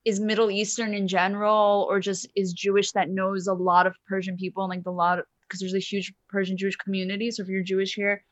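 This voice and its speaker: Lively woman telling quick stories. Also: medium pitch, dry recording, muffled recording. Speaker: podcast guest. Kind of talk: casual chat.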